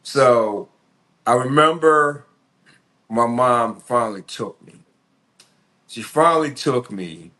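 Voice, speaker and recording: A man's voice: medium pitch, slow pace, long pauses, sharp tone. A man, telling his life story in a casual, rambling, profane way full of fillers. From Philadelphia. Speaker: podcast host.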